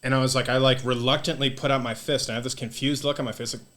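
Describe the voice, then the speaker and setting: Fast-talking profane guy. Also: medium pitch. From United States. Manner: profane, animated, peppered with "dude" and "like". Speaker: podcast guest. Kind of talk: casual storytelling.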